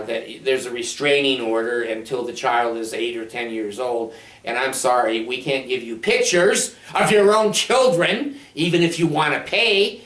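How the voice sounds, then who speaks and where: A man's voice: medium pitch, fairly bright tone, lightly acted. A man playing a stiff school principal, formal and apologetic. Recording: roomy sound from a distant mic.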